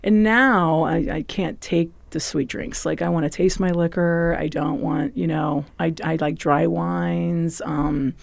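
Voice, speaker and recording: Chatty woman with a gravelly voice. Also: lowish voice, fairly even intonation, unhurried, hardly any pauses, no room sound. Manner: chatty, laughs easily. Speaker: guest comedian. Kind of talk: casual podcast chat.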